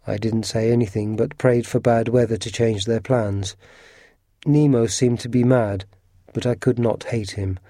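A man narrates a storybook in the first person, steady and earnest. His voice is mellow and the recording close and dry. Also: mid-range voice, no room sound.

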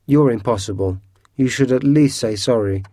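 A man's voice: mid-range voice, normal speed, mellow, dry recording, lightly acted. A man voicing a brave, kind young girl in a storybook, speaking firmly and scolding. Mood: indignant. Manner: firm and scolding.

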